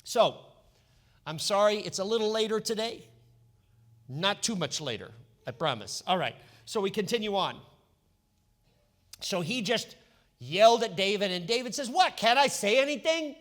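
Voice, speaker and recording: Male pastor, fairly high voice, animated storytelling sermon. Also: moderate pace, pauses often. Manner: animated storytelling, acting out biblical characters.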